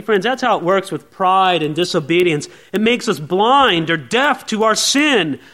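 A man's voice: extremely high pitch, bright, forceful tone. A male pastor preaching an earnest Bible sermon, asking rhetorical questions and calling listeners friends.

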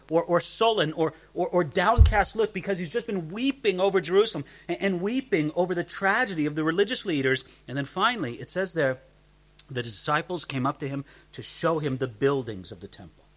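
A man's voice: high voice, fairly bright tone. Earnest man teaching scripture. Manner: earnest, repeats words when starting sentences. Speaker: Bible teacher. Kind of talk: verse-by-verse Bible teaching.

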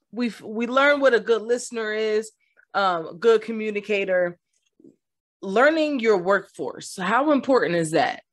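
A woman's voice: medium pitch, animated, measured pace, soft background music. A woman hosting a podcast interview, chatty and upbeat, often restarting her sentences. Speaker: podcast host.

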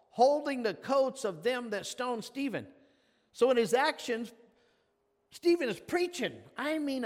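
Man, high voice, pastor, chatty interactive sermon, long hall reverb. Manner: conversational, calls on listeners by name, asks questions.

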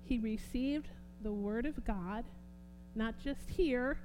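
A woman preaching a sermon, fervent and swinging from quiet talk to loud exclamations. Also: on the high side, slow, slight background noise, low-quality recording.

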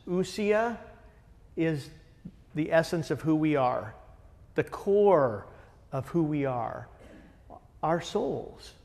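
A man with a fairly high voice leads a Bible study at an unhurried pace. He talks in an eager, conversational way and keeps asking his listeners questions. His voice rings out with a long reverb, as in a large room. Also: darkish tone. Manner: enthusiastic, conversational, asks the group questions.

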